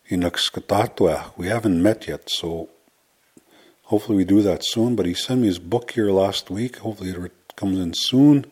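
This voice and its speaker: A man giving a relaxed, casual language lesson, repeating each phrase slowly for learners. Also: on the low side. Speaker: Cree language teacher.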